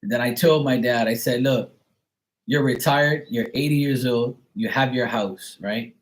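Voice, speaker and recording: Casual male streamer, rambling and sarcastic, mid-pitched voice. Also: measured pace, low-quality recording. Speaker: live stream host reading chat. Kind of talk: casual chat.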